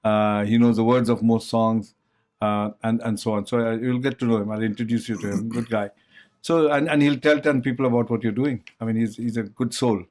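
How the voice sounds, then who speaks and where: Talk host: man, mid-pitched, casual, rambling with fillers. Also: fairly even intonation, brisk, a little mellow. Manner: chatty, rambling, frequent uh fillers. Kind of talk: casual chat.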